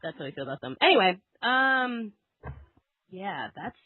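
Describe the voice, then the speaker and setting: A young woman chatting as a podcast co-host, giggly and full of filler words. Her pitch swings widely as she talks. The sound is dry and thin, like a phone line. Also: sing-song, moderate pace, breathy edge, dry recording. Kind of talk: casual chat.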